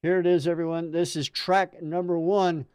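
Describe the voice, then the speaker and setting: Male host, chatty and upbeat, slightly higher voice, resonant. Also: little pitch movement, moderate pace, a little mellow, clear, resonant tone, no room sound, clean studio sound. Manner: upbeat, chatty, laughs along. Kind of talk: hosting a music review show.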